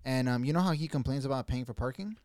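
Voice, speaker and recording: A man co-hosting a podcast, telling stories in casual chat and acting out other people's outbursts loudly. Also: mid-range voice, quick pace, no room sound, studio quality. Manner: animated storyteller, acts out others' outbursts loudly. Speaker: podcast co-host. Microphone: studio mic.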